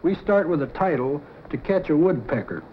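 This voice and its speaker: A middle-aged man with a high voice pitches a cartoon storyboard, acting out every sound effect with energy. The recording is dull and lo-fi, with a faint hiss underneath. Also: expressive, moderate pace. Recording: dull lo-fi 1950s TV audio.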